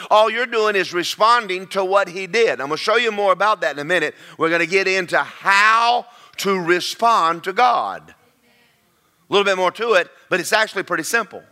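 A man preaches to his congregation. His voice is bright and a little high, and he talks in a loose, chatty way. He tells stories and hammers points home by repeating them. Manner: conversational preaching with storytelling and repetition. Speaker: pastor. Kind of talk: sermon.

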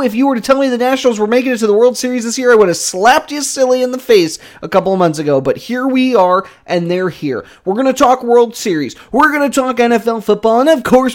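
A young man hosting his own sports podcast, chatting casually in a jokey, self-deprecating way that rambles and restarts. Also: very high voice. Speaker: podcast host.

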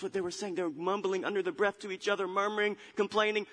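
A man preaching a sermon in a long, ringing hall, his voice sitting a little high for a man. He swings between reading scripture low and playing out a grumbling crowd in hushed mutters. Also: quick pace, few pauses. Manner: animated, acts out grumbling crowd with muttered asides. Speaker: pastor.

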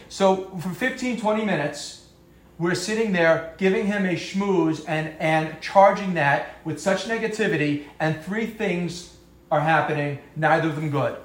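Speaking to a live audience in an echoey room, a man gives a conversational talk on marriage and parenting, acting out quoted voices and poking fun at himself. His voice is on the high side and his pace is measured.

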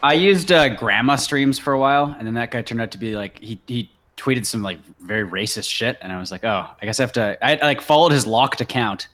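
A Canadian man co-hosting a podcast in loose, casual chat. He rambles through his stories and chuckles along the way, in a mid-pitched everyday voice. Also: brisk, hardly any pauses, fairly bright tone. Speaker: podcast co-host.

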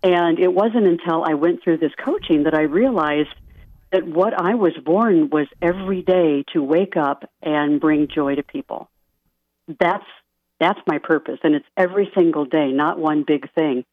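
A woman guest on a radio interview, a life coach, talking softly and earnestly and laughing lightly now and then. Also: sits low, normal speed, dry recording. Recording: dry tinny phone-line sound.

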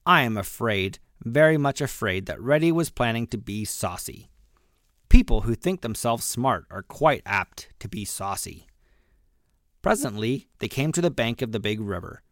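A man reading a children's animal story aloud, expressive and gently playful. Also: medium pitch, moderate pace, dry recording, studio quality. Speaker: audiobook reader. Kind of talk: storybook narration.

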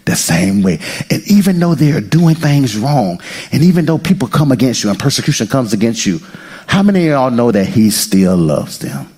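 A male pastor preaching an impassioned sermon, swinging from loud cries to near-whispers and breaking into prayer. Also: medium pitch, sing-song, normal speed, husky. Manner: prays aloud mid-sermon.

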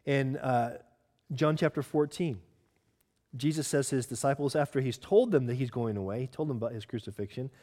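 A man preaching a sermon as pastor, earnest and teaching, asking the congregation questions and slowing down to stress scripture. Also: medium pitch, mellow. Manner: stresses key words, slows down for scripture.

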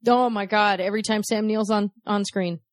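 A woman co-hosting a podcast, chatting casually about a film, frank and quick to laugh and swear. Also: medium pitch, steady tone, no echo, clean studio sound. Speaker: podcast co-host. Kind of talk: casual chat reviewing a film.

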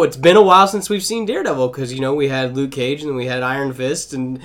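Guy hosting a podcast, voice on the higher side, gets excited and laughs a lot. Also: brisk. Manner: enthusiastic, laughs often. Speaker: podcast host. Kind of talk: casual chat.

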